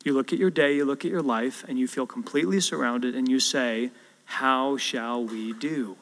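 A man's voice: mid-range voice, brisk. A male pastor preaching a sermon and telling a story, acting out the quotes as he goes. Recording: long hall reverb.

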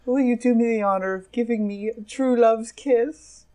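A man's voice: very high-pitched, normal speed, dark tone, pitched above the performer's own voice. A man voicing a sweet, lovesick young princess with a theatrical, swooning manner.

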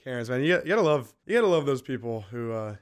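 A man's voice: medium pitch, lively intonation, fast talker, clear, resonant tone. A man co-hosting a podcast, chatting casually and crudely, joking and telling stories, from Florida. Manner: crude, joking storyteller, mimics voices. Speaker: podcast co-host. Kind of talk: casual chat.

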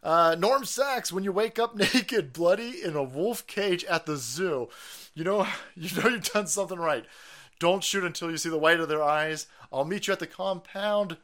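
A man's voice: sits high, moderate pace. A man hosting a live stream, ranting casually and profanely between viewer chats and laughing often. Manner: animated, foul-mouthed, laughs often.

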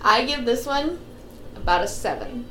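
An excitable young woman co-hosts a casual movie podcast, with a fairly high voice that jumps into exclamations and swears freely. She is recorded in an echoey room with faint background noise. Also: normal speed. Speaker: podcast co-host. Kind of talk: casual movie-watching chat.

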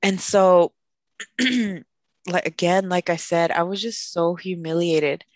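Late 20s woman, lowish voice, emotional storytelling on a podcast, dry close sound. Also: takes it slowly, no room sound. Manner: emotional, candid, mixes Spanish phrases into English. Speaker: podcast co-host.

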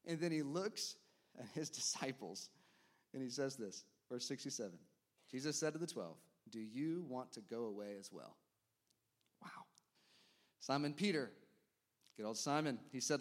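A man preaching a sermon as pastor, talking straight to the congregation and acting out the crowd's reactions. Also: mid-range voice. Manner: animated preaching, quick asides to the congregation, acts out crowd reactions.

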